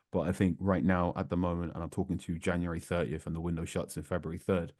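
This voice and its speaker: A man, a football journalist guest talking through tactics on a podcast, animated and prone to repeating words for emphasis. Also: sits low, no echo, clean studio sound. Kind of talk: conversational podcast analysis.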